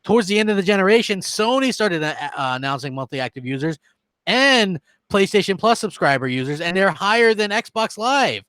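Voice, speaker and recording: A man's voice: sits high, lively intonation, a little fast, a bit bright, no echo. A man co-hosting a casual gaming podcast, opinionated and emphatic, often repeating himself. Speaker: podcast co-host.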